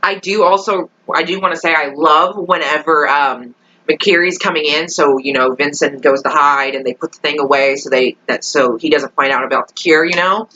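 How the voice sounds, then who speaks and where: Bright-voiced woman ranting in a vlog. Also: normal speed, lo-fi sound. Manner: exasperated, profane ranting; animated, with big jumps up in pitch. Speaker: TV episode reviewer. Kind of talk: casual reaction vlog.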